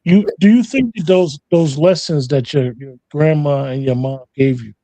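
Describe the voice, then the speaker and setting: A man's voice: fairly high pitch, normal speed, dark tone, dry recording. A man hosting an interview, asking loose, rambling questions full of repeats. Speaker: interview host.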